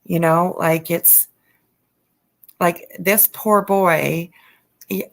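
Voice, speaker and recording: A woman's voice: on the low side, fairly even intonation, drawn-out words, vocal fry. A woman hosting a casual livestream, reading a news story aloud, greeting viewers, and getting heated and swearing, with lots of fillers and restarts. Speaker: livestream host.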